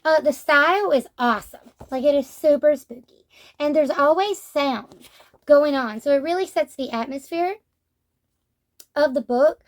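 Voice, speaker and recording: A woman's voice: high voice, unhurried. A young adult woman talking casually as she reviews a manga, chatty and rambling, with lots of "like".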